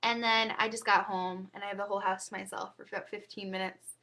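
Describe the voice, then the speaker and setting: A woman's voice: mid-range voice, level tone, fast, bright, forceful tone. A teenage girl chatting casually to her webcam at home, giggly and full of asides. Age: teens. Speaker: vlogger.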